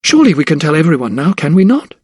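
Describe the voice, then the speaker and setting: A fierce, desperate young noblewoman, as a male reader puts her on, her voice pushed high and strained as she pleads and cries out. The sound is dry and close, a storybook reading. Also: very animated, fast, darkish tone, breathy edge, dry recording.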